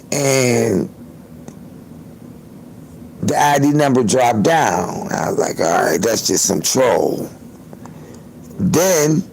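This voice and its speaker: A man's voice: medium pitch, darkish tone, slight background noise, rough recording. A man hosting a livestream, telling a story in a loose, profane, chatty way, laughing often, into a phone. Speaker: livestream host.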